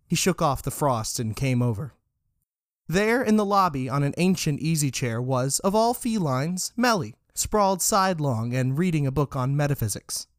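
A man narrating a story with a steady, even reading. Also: on the high side, normal speed, no echo, clean studio sound.

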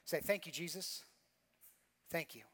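A man's voice: fairly high pitch, a little slow, a bit bright, breathy edge. A man preaching a sermon as pastor, earnest and confessional, telling a personal story with repeated phrases.

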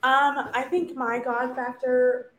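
A woman co-hosting a book podcast, speaking in an unhurried, thoughtful way. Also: sits high, flat delivery, fairly bright tone. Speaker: podcast co-host. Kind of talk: casual book-club chat. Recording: echoey room.

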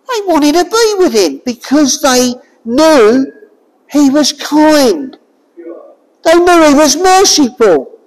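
A woman preaching a sermon, expressive and full of rhetorical questions to her listeners. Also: high voice, in a large hall, poor audio.

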